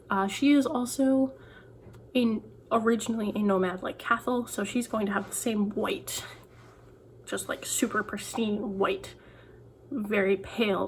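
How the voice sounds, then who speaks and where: A woman's voice: mid-range voice, slight background noise. A young woman author chatting casually to camera, rambling with many "like"s and restarts. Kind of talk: casual vlog chat.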